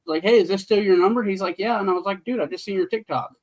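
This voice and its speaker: A man's voice: high voice, quick pace, a little mellow, poor audio. A man chatting easily as a podcast guest, a millwright recounting work anecdotes. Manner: easygoing, conversational recounting of anecdotes. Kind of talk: casual storytelling chat.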